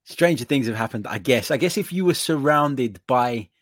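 Male host, steady question-reader, mid pitch, dry close recording. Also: normal speed, dry recording. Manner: steady, reads questions out, brief encouraging replies. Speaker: podcast host. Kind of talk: casual podcast hosting.

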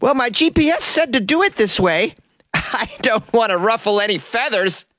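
A giddy, clueless young woman driver squeals along in a high, bubbly voice, as a male radio host puts her on. The sound is close and dry, with no room around it. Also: lively intonation, normal speed, pushed and bright, dry recording, heavily acted. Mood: cheerfully oblivious.

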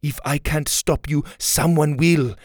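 A man's voice: a little high, animated, normal speed, a little mellow, no room sound, studio quality, voice pushed up. A man voicing a young woman held captive, pleading and defiant in a children's story.

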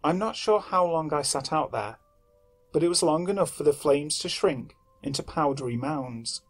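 A man reads a horror story in a measured, somber voice that is husky and pitched a little high. Faint music plays under his narration. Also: lively intonation.

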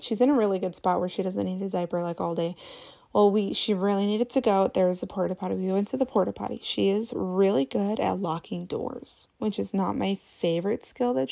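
Woman, 30s, podcast host, chatty and self-deprecating, gravelly fry on her words. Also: medium pitch, mellow. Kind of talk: casual storytelling podcast.

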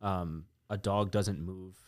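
A man's voice: low voice, fairly even intonation, measured pace, no room sound, clean studio sound. A man talking bluntly in a casual podcast conversation, swearing freely and telling anecdotes.

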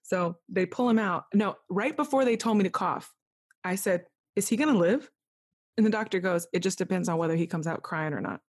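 A young woman with a husky, fairly low voice speaks a little fast as a podcast guest. She candidly retells a personal story in vivid detail, acting out and quoting what other people said to her.

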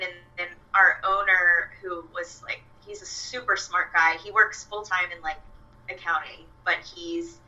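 A woman's voice: lowish voice, fairly even intonation, measured pace, pushed and bright, lo-fi sound. A young woman, a fitness coach, chatting casually with lots of fillers and quoted asides. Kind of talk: casual podcast chat. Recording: voice a bit far from the mic.

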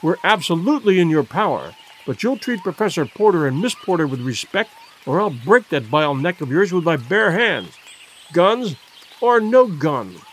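A man voicing a bold young English gentleman who speaks firmly and loudly in a storybook reading. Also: on the high side, very animated, moderate pace, husky, exaggerated voice. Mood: defiant.

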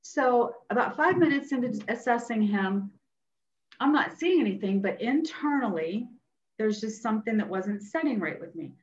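A woman nurse practitioner telling a personal story as a guest, animated and acting out what others said. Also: a little high, moderate pace, a little hiss or hum. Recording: roomy, dull sound.

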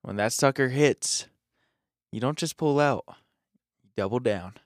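A young man co-hosting a podcast, telling jokey stories in a casual, drawn-out way. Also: medium pitch, no room sound, clean studio sound. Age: young adult. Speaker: podcast co-host. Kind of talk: casual chat.

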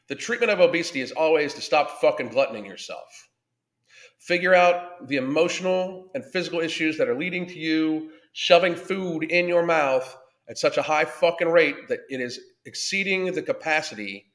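A man's voice: a little high, a bit bright. A man hosting a livestream as a weight-loss coach, talking casually and bluntly with constant swearing, and greeting his viewers by name. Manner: blunt and heavily profane.

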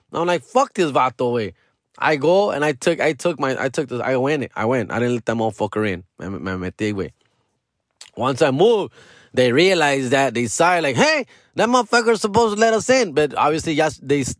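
A man's voice: on the high side, no echo, studio quality. A young man with a Chicano English accent, telling a rambling story in a casual rant full of slang and swearing, switching into Spanish now and then. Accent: Chicano English with Spanish mixed in. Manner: profane, slangy, animated storytelling.

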